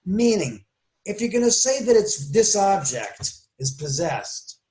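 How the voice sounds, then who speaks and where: A man's voice: high voice, big pitch swings, a little slow, low-quality recording. A man talking emphatically on a podcast as a paranormal guest, arguing and lecturing. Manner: forceful, argumentative, lecturing.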